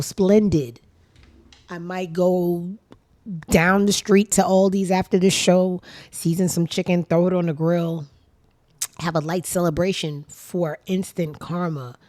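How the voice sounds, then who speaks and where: A woman's voice: on the low side, flat delivery, takes it slowly, darkish tone, dry recording. A woman hosting her own show, giving casual gossip commentary in a blunt, sassy, profane way. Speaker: show host.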